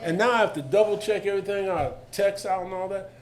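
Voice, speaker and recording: A man, speaking on a discussion panel in an animated, colloquial storytelling way that jumps into the voices of the people in his stories. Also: high voice, fast. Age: 70s.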